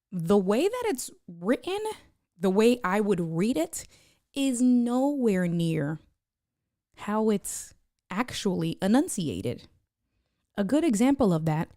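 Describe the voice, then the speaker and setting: Chatty woman streamer, mellow voice. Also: mid-range voice, no echo, studio quality. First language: Spanish (bilingual). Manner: chatty, rambling, reads chat aloud. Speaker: live streamer. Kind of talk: casual live-stream chat with viewers.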